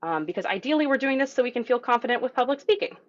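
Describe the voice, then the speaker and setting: A young adult woman coaching an online group voice lesson, calm and encouraging as she talks through breathing and resonance exercises. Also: fairly high pitch, very fast, dull audio. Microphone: video call mic.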